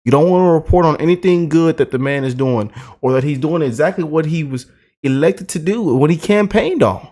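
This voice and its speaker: A man giving excited, gloating political commentary as a YouTuber, repeating himself and mocking his targets. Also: on the high side, fairly quick.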